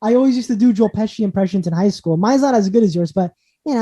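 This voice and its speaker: A man's voice: sits high, fast talker, dark tone, dull audio. A man hosting a podcast, enthusiastic and rambling, repeating himself as he chats. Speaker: podcast host. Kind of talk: casual interview chat.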